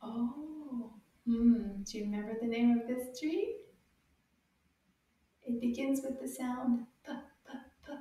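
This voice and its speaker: A woman teaching children French words, encouraging them and repeating each word slowly with sound clues. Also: on the high side, steady tone, mellow, distant mic. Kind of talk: slow, drawn-out teaching for kids. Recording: very echoey room, a bit off-mic.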